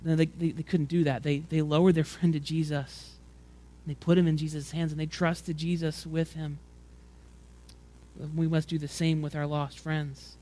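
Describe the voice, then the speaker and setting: High-voiced man preaching conversationally. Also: flat delivery, normal speed, dark tone. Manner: conversational preaching, acts out quotes with rising pitch and volume; frequent repeated words and restarts. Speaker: pastor. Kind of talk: sermon.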